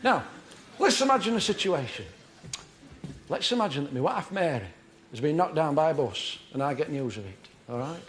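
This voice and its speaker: An actor playing an earnest, fussy middle-aged amateur acting tutor, delivered deadpan and pedantic on a live TV comedy show. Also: male voice, fairly high pitch, normal speed. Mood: earnest instructing. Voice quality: deadpan, pedantic, self-important. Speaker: comedy character performer. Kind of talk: live stand-up character comedy. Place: television studio before a live audience. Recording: live TV studio with audience laughter.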